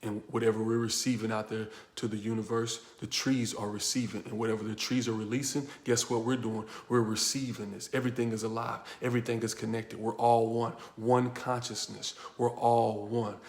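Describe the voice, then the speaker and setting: A man's voice: on the low side, level tone, a little fast, few pauses, darkish tone. A man giving an emphatic motivational teaching talk as a personal development coach, driving points home with repeated rhetorical questions. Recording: echoey room.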